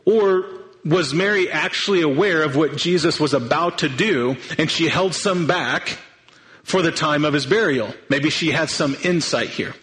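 A man's voice: fairly high pitch, normal speed, a bit bright, rough recording. A man preaching a sermon, earnest and thinking aloud, sometimes restarting his sentences. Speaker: pastor.

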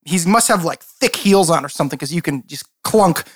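A man's voice: a little high, lively intonation, a bit bright, dry recording, clean studio sound. A man narrating a tabletop game as game master in a casual, rambling way. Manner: casual, rambling, quick to laugh.

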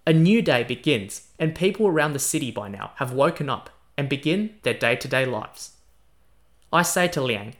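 A man's voice: mid-range voice, expressive, normal speed. A man hosting a history podcast, telling a first-person story in a chatty, casual way. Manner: chatty, casual, uses slang. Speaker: podcast host.

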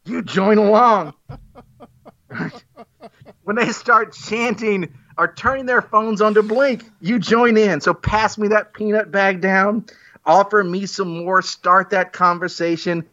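A man delivers a theatrical, self-mocking comic speech. His voice is bright and a touch high. The recording is muffled and lo-fi. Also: steady tone, slow pace. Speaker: guest making a comic pitch. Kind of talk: playful mock-persuasive monologue.

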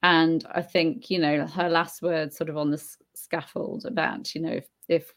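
A woman talking casually to viewers on a live stream. Her voice sits low and has a gravelly edge of vocal fry. She thinks aloud, pausing on fillers and restarting her sentences. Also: flat delivery. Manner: hesitant, many fillers and restarts, thoughtful. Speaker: live-stream host answering viewer comments. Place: home in Spain.

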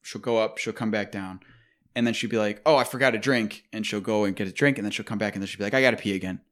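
A young man with a fairly low voice co-hosts a casual podcast. He rambles, jokes and swears often as he talks. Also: fairly bright tone. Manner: profane, rambling, quick to joke. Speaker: podcast co-host.

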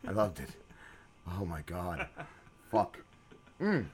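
A man's voice: deep voice, wildly swooping pitch, slow, darkish tone, slightly rough. A man hosting a podcast in casual chat, telling crude, profane, rambling stories. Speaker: podcast host.

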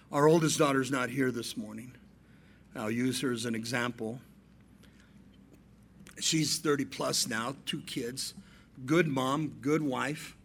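High-voiced preacher telling family stories. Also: male voice. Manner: storytelling preacher, swings between soft asides and emphatic raised points. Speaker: pastor. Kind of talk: sermon.

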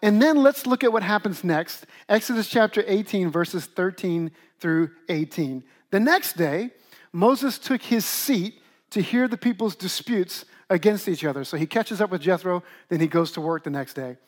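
High-voiced man preaching a lively sermon. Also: moderate pace. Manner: lively, conversational preaching with acted asides. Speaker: pastor.

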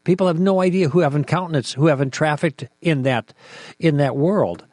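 A middle-aged man co-hosting a talk show, arguing with forceful indignation and rhetorical questions. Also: on the high side, fairly quick, no room sound. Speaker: podcast co-host. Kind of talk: impassioned apologetics talk.

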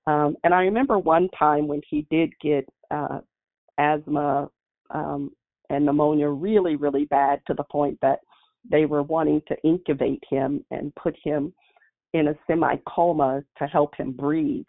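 Woman guest giving a heartfelt faith testimony, gravelly tone, heard over a tinny call-in line. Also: sits low, fairly even intonation, unhurried. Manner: earnest, heartfelt storytelling.

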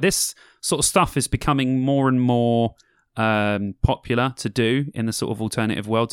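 A young podcast co-host with a mid-range, fairly bright, smooth voice chats casually while reviewing festival bands. He rambles with lots of ums as he explains music styles, in a studio-quality recording with no echo.

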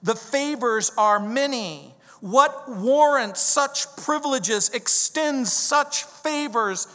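A high-pitched middle-aged man from Southern California preaches to his congregation, leaning hard on key words and slowing down to drive a point home. His voice carries a long reverb from a large church hall. He switches easily between scripture reading and personal storytelling. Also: expressive, pushed and bright. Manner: storytelling, emphatic with slow drawn-out stresses. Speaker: pastor. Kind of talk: verse-by-verse sermon. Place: church sanctuary.

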